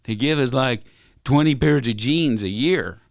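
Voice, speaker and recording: Man doing a gushing young rodeo cowboy, high voice, loud and eager. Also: a little slow, no room sound, close to an everyday voice. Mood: excited. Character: young male rodeo athlete, cheerful and grateful.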